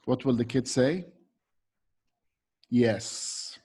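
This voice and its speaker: Husky man explaining a teaching method. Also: medium pitch, unhurried, darkish tone. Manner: patient, explanatory, demonstrates words aloud. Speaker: teacher trainer.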